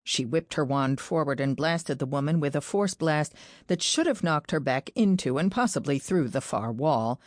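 A woman narrating a fantasy audiobook with a steady, even delivery. Her voice sits low, and the recording is dry and close, with no room sound at all. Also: moderate pace, no echo.

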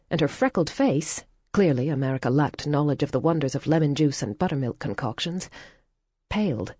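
A woman narrating a novel in a measured, wry storytelling manner. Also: low voice, mellow, breathy edge, no echo, clean studio sound. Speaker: audiobook narrator. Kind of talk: scripted narration.

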